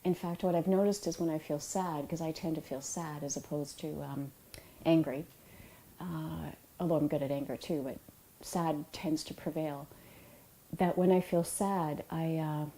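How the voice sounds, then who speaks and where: A middle-aged woman, an author, giving a reflective talk about emotions in a soft, unhurried and tender way, with pauses. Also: low voice, fairly even intonation, low-quality recording. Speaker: author and yoga teacher.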